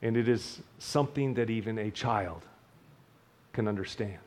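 A man preaching a sermon as pastor, earnest, rising with emphasis and dropping to a soft hush. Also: fairly low pitch, normal speed. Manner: earnest, builds up then drops to a soft hush.

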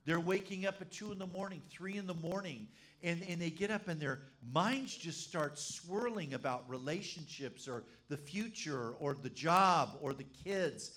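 A man preaching with a fairly high voice, spinning a comic tale into his sermon. He talks like an animated pastor who jokes with his flock before he makes his point. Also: moderate pace. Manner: animated, humorous storyteller. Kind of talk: storytelling sermon.

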